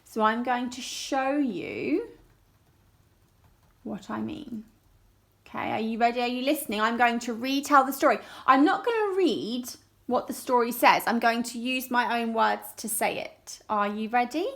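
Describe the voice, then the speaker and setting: A woman's voice: on the high side, fairly bright tone. A woman teacher, reading a story aloud to young children and asking them questions. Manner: slow and clear, asks children questions. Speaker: primary school teacher.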